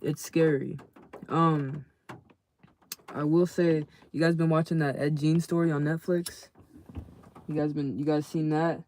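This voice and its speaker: A man casually telling a story to his live chat in a slangy, animated way, acting out the people in it. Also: on the high side, unhurried, long pauses, slight background noise. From California. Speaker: livestream host.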